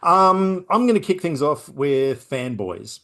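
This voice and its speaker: A man's voice: on the high side, sing-song, slow pace, pushed and bright. A man hosting a film podcast, chatting casually and rambling with lots of asides. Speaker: podcast host.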